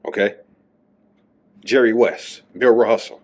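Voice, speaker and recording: A man's voice: fairly low pitch, steady tone, slow pace. A man hosting his own show, talking through a casual solo monologue and tagging his points with a questioning "okay?". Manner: chatty, tags lines with "okay?". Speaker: podcast host.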